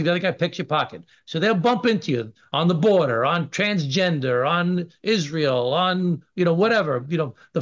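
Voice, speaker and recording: A middle-aged man argues his case on a radio interview, forceful and emphatic. His voice sits a bit high for a man. The recording is dull and lo-fi. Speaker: congressman guest.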